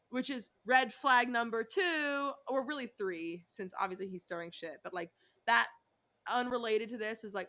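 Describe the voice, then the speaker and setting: Animated, swearing woman podcast co-host. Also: on the high side, normal speed. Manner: animated, swearing, acts out quotes from the show. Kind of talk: casual recap chat.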